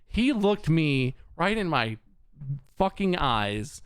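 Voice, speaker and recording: A man's voice: a little high, very animated, takes it slowly, clean tone, dry recording, studio quality. A man telling a long exasperated story on a podcast, swearing often and acting out both sides of the conversation. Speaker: podcast co-host. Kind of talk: casual storytelling rant.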